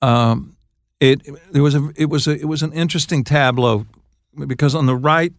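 An older man, a songwriter guest on an interview show, telling stories in a halting, laughing way. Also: on the high side, no room sound. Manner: halting, restarts phrases, laughs while telling. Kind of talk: casual storytelling interview.

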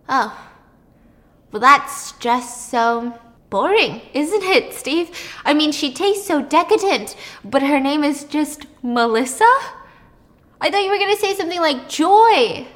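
A woman voicing a wry, emotional young woman, her voice pitched up and animated. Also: slow pace, long pauses, heavily acted. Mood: playful. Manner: raised pitch, lively and animated.

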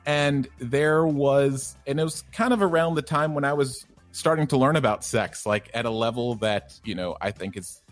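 Middle-aged Southern-born man, mid-pitched voice, loose anecdotal podcast talk. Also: normal speed, hardly any pauses, faint music behind. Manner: relaxed storytelling, filler-heavy. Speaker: guest sex therapist. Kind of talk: conversational podcast interview.

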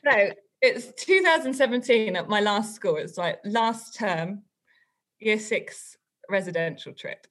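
A woman, a guest on a podcast, telling a story in a chatty, animated way and laughing often. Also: mid-range voice, unhurried. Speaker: guest author and teacher.

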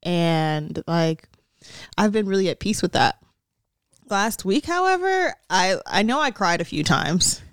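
A woman's voice: mid-range voice, expressive, unhurried, clear, resonant tone, no echo, studio quality. A pregnant young woman co-hosting a podcast, chatting candidly about her week and laughing often. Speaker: podcast co-host. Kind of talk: casual chat.

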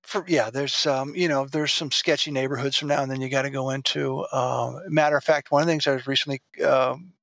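Gravelly-voiced male investigator guest. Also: medium pitch, fairly even intonation, a little fast, fairly bright tone, no echo. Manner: rambling, restarts often, laughs easily. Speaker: former DEA agent, now private investigator. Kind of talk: casual interview chat.

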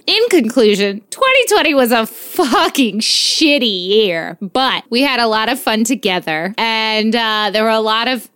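A young woman with a high, bright-sounding voice chatting on a podcast. She is playful and laughs easily, dropping casual swears into an easygoing, friendly conversation. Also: expressive, a little slow, few pauses, clean tone. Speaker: podcast co-host. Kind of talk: casual chat.

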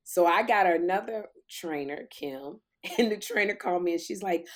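A woman's voice: on the low side, normal speed. A middle-aged woman hosting a talk show, chatting casually and animatedly, acting out the voices in her stories and still a little out of breath. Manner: animated storyteller, acts out quoted voices. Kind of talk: casual chat.

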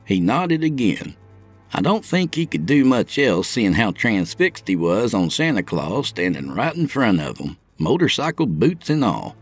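A man's voice: on the low side, sing-song, a little slow, breathy edge, faint music behind. A man narrating a gritty first-person story, his storytelling vivid. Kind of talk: audiobook narration.

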